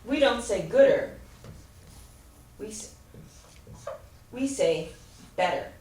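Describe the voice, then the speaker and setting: A woman teaches grammar at an unhurried pace, spelling out endings letter by letter. She sounds a little far from the mic, in an echoey room with a faint hum of ambience behind her. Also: mid-range voice, lively intonation, darkish tone. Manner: slow, clear teacherly explanation with spelled-out letters. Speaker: ESL teacher. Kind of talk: grammar lesson.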